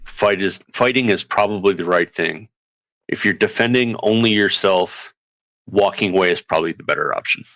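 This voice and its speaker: A man calling in to a voice chat show, talking through life advice in an easygoing, halting way. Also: sits low, a bit bright, dry recording. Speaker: call-in guest.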